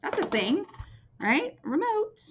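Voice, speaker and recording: A woman teacher with an extremely high-pitched voice gives a recorded lesson to young children, speaking slowly in an animated, sing-song way. After each point she checks in with "right?" and "okay?", and the dull lo-fi recording carries a little hiss or hum.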